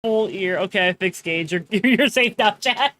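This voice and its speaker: A woman's voice: mid-range voice, normal speed, a bit bright. A woman streaming a game live, chatting casually with friends and her chat, laughing often and swearing playfully.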